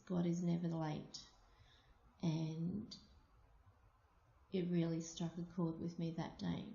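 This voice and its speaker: A woman from Australia telling a personal story aloud, slow and deliberate. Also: on the low side, gravelly, mellow. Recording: muffled, echoey room.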